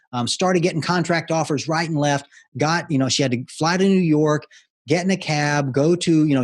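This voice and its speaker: A middle-aged man speaking as a guest on an interview show, explaining sales storytelling in a lively way and acting out the voices of the people in his stories. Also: on the high side. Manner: animated storyteller who acts out quoted voices. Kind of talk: conversational interview.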